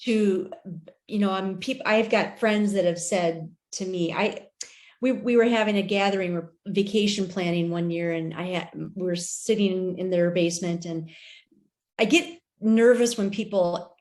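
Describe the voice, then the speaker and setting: A woman's voice: mid-range voice, measured pace, darkish tone. Chatty, rambling woman podcast host. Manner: chatty, rambling, many fillers and restarts. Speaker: host, author. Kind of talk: casual chat.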